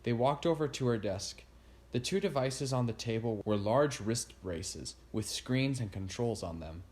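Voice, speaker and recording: A man narrating a storybook chapter in a steady reading voice. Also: medium pitch, a little slow. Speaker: audiobook narrator.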